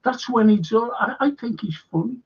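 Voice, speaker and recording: A man's voice: very high-pitched, animated, brisk, husky. A man hosting a casual fan livestream, swearing a lot, rambling, and reading viewer comments aloud. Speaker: livestream host. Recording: dull lo-fi stream audio.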